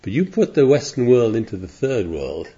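A man's voice: mid-range voice, big pitch swings, normal speed, mellow, breathy edge. A man preaching a sermon in a rambling, digressive way, reading scripture aloud as he goes. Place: congregation in California. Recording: dull lo-fi sermon recording.

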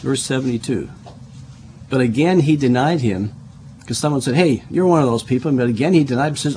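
A middle-aged man delivering a Bible study sermon at an average pitch for a man. He explains each verse patiently, spelling out key words and often stumbling into restarts. A faint background hiss sits under his voice. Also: fairly quick, a little mellow. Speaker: preacher.

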